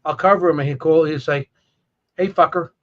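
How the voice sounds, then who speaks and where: Halting man on muffled audio. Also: fairly high pitch, steady tone. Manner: halting, rambling, with many restarts. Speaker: co-host. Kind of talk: casual chat.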